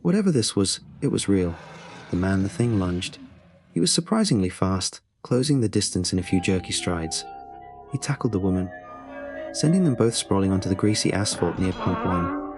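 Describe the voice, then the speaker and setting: A man's voice: deep voice, expressive, normal speed, darkish tone, soft background music. A man narrating a scripted first-person horror story in a tense, suspenseful way.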